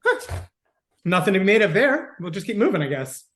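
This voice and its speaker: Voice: medium pitch, sing-song, a little fast, fairly bright tone. A podcast co-host discussing a novel casually, with a wry, dry sense of humor.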